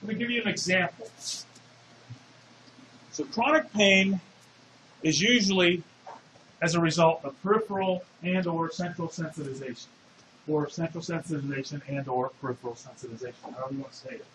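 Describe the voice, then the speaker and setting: A man's voice: on the high side, brisk, fairly bright tone, a little hiss or hum. A man giving a classroom lecture, explaining step by step and putting questions to the class. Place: lecture hall. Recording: echoey lecture hall.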